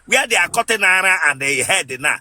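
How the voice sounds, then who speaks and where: A man with a Nigerian accent whose first language is Igbo, hosting a comic live stream in a blunt, teasing way and breaking into shouts. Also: sits high, expressive, brisk, noisy background. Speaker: comedian host of a live stream.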